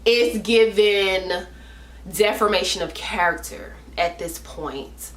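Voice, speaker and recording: A woman's voice: medium pitch, takes it slowly, reverberant. A woman telling a personal story in a casual storytime vlog, talking emphatically with slang and repeating herself for stress. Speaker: vlogger.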